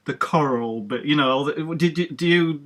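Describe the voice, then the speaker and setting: A man's voice: fairly high pitch, normal speed, a bit bright. A British man interviewing a guest, chatty and chuckling, often restarting his questions. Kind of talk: casual interview.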